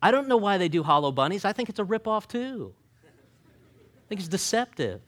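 A man preaching a sermon, folksy and joking, swinging from quiet asides to loud emphatic points. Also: sits high, very animated, a little fast. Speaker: pastor.

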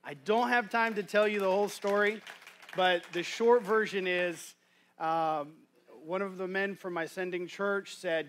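A man preaching a guest sermon in a church, his voice sitting a little high for a man. He talks in a folksy, conversational way, often restarting his sentences. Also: steady tone, a little slow, a bit bright. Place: church sanctuary.

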